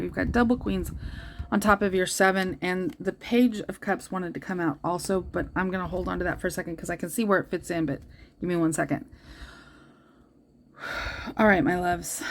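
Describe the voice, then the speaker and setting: A woman's voice: on the low side, gravelly, a little hiss or hum. Earnest woman reading tarot cards. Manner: earnest, reassuring, thinks aloud. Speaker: tarot reader.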